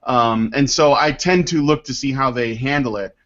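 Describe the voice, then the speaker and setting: Hosting a casual podcast, a man reads listener mail while rambling with lots of fillers and swearing freely. His mid-range voice is a bit bright and moves at normal speed, and the audio is dull and lo-fi.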